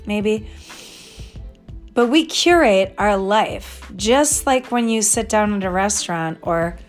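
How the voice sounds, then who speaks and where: Chatty woman in her fifties, slow and rambling. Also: mid-range voice, lively intonation, soft background music. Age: 50s. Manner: chatty, digressive, laughing asides. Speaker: podcast host and astrologer. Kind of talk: casual rambling monologue.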